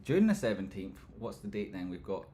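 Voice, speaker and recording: A man hosts a casual livestream, joking and rambling as he reads viewer comments aloud and jumps quickly between banter and market analysis. His voice is on the low side and warm, with big pitch swings, and there's slight background noise.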